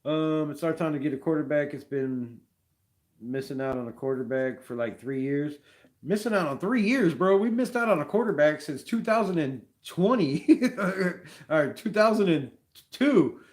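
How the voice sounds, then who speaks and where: A man hosting a casual live sports talk stream, rambling and animated, peppering his talk with slang. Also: on the high side, moderate pace. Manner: rambling, animated, says "bro" a lot. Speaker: fan show host.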